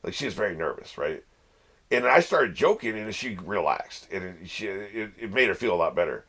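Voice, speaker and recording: A man's voice: fairly low pitch, very animated, moderate pace, a bit bright. A man hosting a podcast, telling a rambling, wry, self-deprecating story with casual swearing. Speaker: podcast host.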